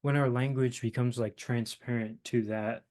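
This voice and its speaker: A young man hosting a casual philosophical conversation, talking haltingly with many fillers as he searches for words. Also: mid-range voice, fairly even intonation, a little mellow. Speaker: host.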